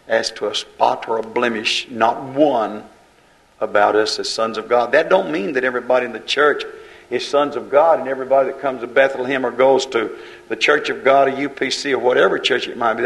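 A man preaching a fiery sermon in a repetitive cadence, swinging between loud and hushed lines. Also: mid-range voice, creaky, rough recording.

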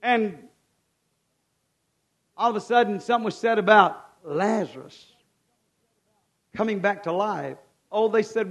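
A male preacher delivering a fervent sermon in a voice high for a man. He drops to a hush, then climbs to shouted peaks. He talks in a folksy way and keeps asking the congregation questions. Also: unhurried, pauses often. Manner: fervent, swings from hushed to shouting.

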